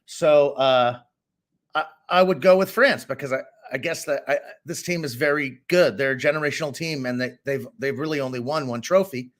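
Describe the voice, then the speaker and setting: A middle-aged man from Boston, co-hosting a casual sports podcast and giving opinionated, animated takes. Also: medium pitch, moderate pace. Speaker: co-host and sports analyst.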